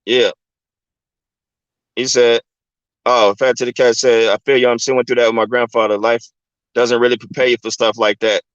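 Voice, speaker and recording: A man's voice: mid-range voice, flat delivery, normal speed, long pauses, clean tone, no echo. A man hosting his show and talking loosely and casually, often asking "you know what I'm saying?". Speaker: host. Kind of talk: casual commentary monologue. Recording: dry, dull lo-fi sound.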